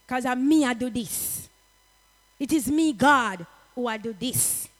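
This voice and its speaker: A woman preaching a sermon, dropping into patois and rising to shouts. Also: high-pitched, expressive, measured pace, big-room sound. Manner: impassioned, slips into patois, rises to shouts.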